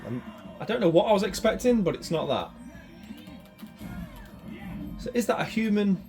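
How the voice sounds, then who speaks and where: A man hosting a retro gaming channel talks over a fighting game with a high-set voice that leaps all over the place. He drops to quiet mutters, then bursts into shouts. Game music plays clearly behind him. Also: fast. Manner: animated, swings from muttering to shouting. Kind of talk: excitable gameplay commentary.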